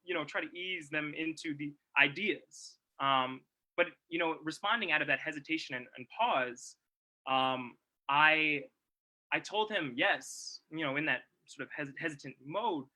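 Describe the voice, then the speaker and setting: A young man giving a reflective presentation, talking in a halting, thoughtful way with many pauses and restarts. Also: on the high side, pushed and bright, rough recording. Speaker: presenter at a livestreamed celebration.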